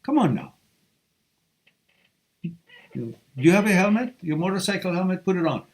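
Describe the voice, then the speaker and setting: Blunt, animated man giving tough-love advice. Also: high voice, normal speed. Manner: reads viewer questions aloud and answers directly. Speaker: live Q&A host giving relationship advice. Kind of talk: live-stream Q&A advice.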